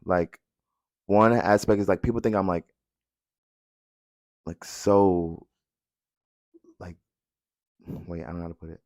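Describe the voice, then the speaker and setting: Young man, podcast host, loud, outgoing, low-ish voice, casual chat full of fillers. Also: slow, pauses often. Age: young adult.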